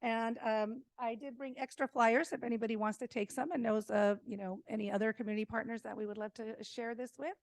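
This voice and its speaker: A woman's voice: fairly high pitch, fairly even intonation, fairly quick, gravelly, few pauses, no echo. A woman giving a talk to a community meeting, telling a story with frequent fillers and light laughs. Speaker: senior meal program presenter.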